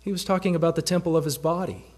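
A man's voice: fairly high pitch, racing, darkish tone. A man preaching a sermon with a Southern American accent, using rhetorical questions and emphatic repetition. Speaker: pastor.

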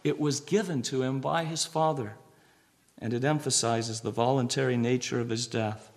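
A man preaching a sermon, reading scripture slowly and swinging between a hushed voice and raised, emphatic lines. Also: mid-range voice, steady tone. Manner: reads scripture aloud with slow emphasis.

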